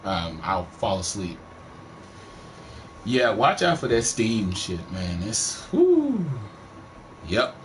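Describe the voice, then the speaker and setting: Speaking low and slow with long pauses, this middle-aged gaming streamer from Texas chats casually and swears freely over his let's-play from home. The country accent is strong, the tone a bit bright, and there's slight background noise.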